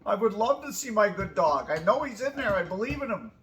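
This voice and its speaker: A woman's voice: mid-range voice, sing-song, fairly quick, a bit bright, slight background noise. A woman in her fifties telling a personal story in a casual, emphatic way, acting out both sides of each exchange. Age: 50s.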